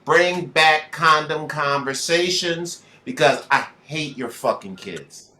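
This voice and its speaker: 40s guy emceeing a comedy night, swears a lot, kinda high and bright. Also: slow pace. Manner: profane, teasing. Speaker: host.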